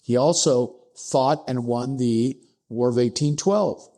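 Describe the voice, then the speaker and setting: A man narrating a frontier tale for a podcast in a voice of middle pitch. He acts out each exchange, jumping up high for the surprised lines and dropping low for the curt replies. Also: takes it slowly, mellow. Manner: acts out dialogue with pitch jumps, asides like "I'm paraphrasing". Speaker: podcast guest, distillery co-founder. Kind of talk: animated historical storytelling.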